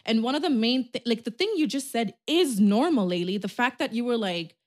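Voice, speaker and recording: A young woman co-hosting a podcast, talking candidly in a rambling, animated way about her own thoughts and habits. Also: on the high side, normal speed, few pauses. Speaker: podcast co-host. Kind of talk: casual chat.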